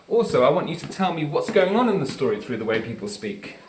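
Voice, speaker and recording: A man's voice: fairly high pitch, big pitch swings, quick pace, a little hiss or hum. A man, a primary school teacher, giving encouraging instructions for a remote lesson while walking around a school, a little out of breath. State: slightly out of breath. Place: indoors in a school, walking between rooms.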